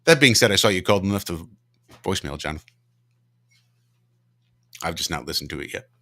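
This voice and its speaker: A man co-hosting a podcast, chatting casually in a slow, self-deprecating way. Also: low-pitched, lively intonation, bright, forceful tone. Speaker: podcast co-host. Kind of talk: casual chat.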